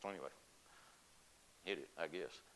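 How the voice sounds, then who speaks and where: Deep gravelly guy, older, chatty folksy storyteller, sharp bright voice. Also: moderate pace, a little hiss or hum, rough recording. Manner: folksy, conversational, with laughs and asides. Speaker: lay speaker at a church service. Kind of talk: personal storytelling to a congregation.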